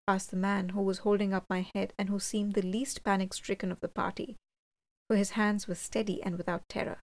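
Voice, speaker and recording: A woman narrating a gothic story in the first person, with a measured, suspenseful delivery. Her voice sits in an ordinary middle range. The recording is close and dry, with no room sound. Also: mid-range voice, fairly even intonation, a little mellow, no room sound. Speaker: audiobook reader.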